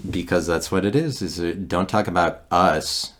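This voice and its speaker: A Midwestern American man hosts a rambling solo podcast, holding forth alone into a handheld recorder. His deep, fairly bright voice moves at a normal speed as his talk digresses, turns sarcastic, and keeps restarting its thoughts.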